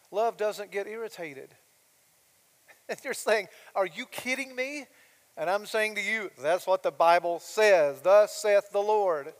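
A middle-aged man, preaching in a high, light voice. He talks in a chatty way, throwing out asides and questions to the congregation. His words ring out with the long reverb of a church sanctuary. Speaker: pastor. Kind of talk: sermon.

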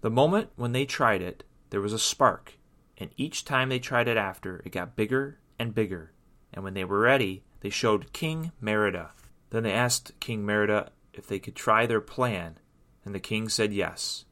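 A man reading a children's story aloud in an expressive, sing-song storytelling way. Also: lowish voice, normal speed.

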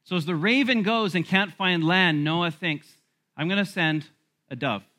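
Male pastor mid-sermon, animated and bright-toned. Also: sits high, moderate pace. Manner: animated preaching with laughs and asides.

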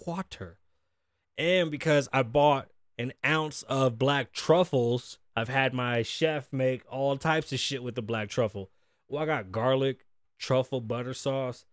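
A man hosting a podcast, talking casually and animatedly, swearing a lot and acting out quotes in loud bursts from a studio. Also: mid-range voice, unhurried, no room sound. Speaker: podcast host. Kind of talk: casual profane talk-show rant.

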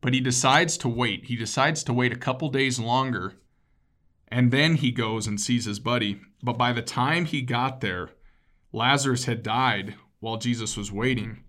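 A man's voice: medium pitch, normal speed, fairly bright tone. A man preaching a sermon as a pastor, in a casual, conversational way with asides to his listeners.

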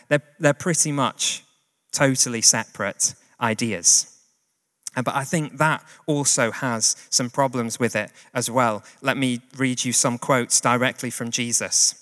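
A man's voice: mid-range voice, fairly even intonation, a little slow, fairly bright tone. A man preaching a sermon in a conversational, plain-spoken way with casual asides. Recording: long hall reverb.

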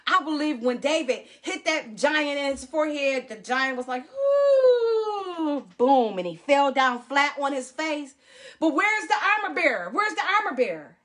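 High-voiced woman pastor preaching animatedly. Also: normal speed. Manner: animated preaching, calls out to the congregation, acts out voices. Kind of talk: sermon.

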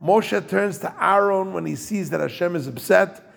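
A man's voice: high-pitched, moderate pace, creaky. A man giving an informal Torah talk as a rabbi, jokey and digressive, and turning to ask his listeners questions.

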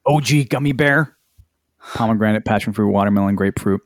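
A man's voice: on the low side, fairly quick, no room sound, clean studio sound. A middle-aged man co-hosting a podcast, reading a menu aloud with wry amusement and casual swearing. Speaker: podcast co-host. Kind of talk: casual chat.

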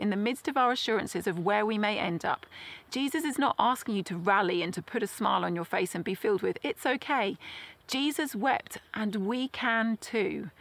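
A woman preaching in an earnest, gentle way. Her voice sits at a middling pitch, and she slows right down on the phrases she wants to land. She reads scripture passages with quiet weight. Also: creaky. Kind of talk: sermon.

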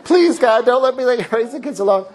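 A man's voice: extremely high pitch, expressive, fairly quick, a little mellow, voice pushed up. A man doing a panicked, pleading wife.

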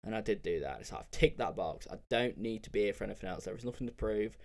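A man's voice: lowish voice, fast. A young man, telling travel stories on his podcast in a loose, candid, sweary way with lots of fillers. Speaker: podcast host. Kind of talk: casual solo storytelling.

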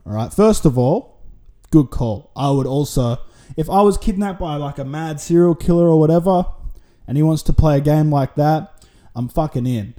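A man's voice: on the high side, moderate pace, mellow. A man with an Australian accent hosting a solo podcast, rambling through a casual, sweary monologue full of tangents. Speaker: podcast host.

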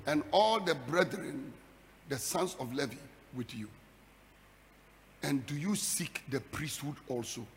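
A man preaching a fiery sermon, building his repeated phrases into shouted, sing-song climaxes. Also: mid-range voice, lively intonation, takes it slowly, pauses often, some chatter behind, slight background noise. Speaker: pastor. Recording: long hall reverb.

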